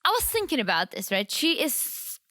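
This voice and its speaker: A woman's voice: sits high, very animated, normal speed, sharp tone, no room sound, clean studio sound. A woman in her thirties from the Czech Republic, whose first language is Czech, co-hosting a casual podcast chat with enthusiasm. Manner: enthusiastic, chatty. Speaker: podcast co-host.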